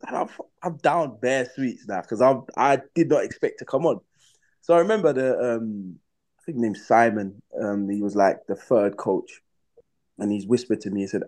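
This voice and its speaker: Brief: young man, footballer guest, animated slangy storyteller, mid-pitched voice. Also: normal speed. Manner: animated, slangy, acts out his own past reactions. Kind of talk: casual storytelling in a podcast interview.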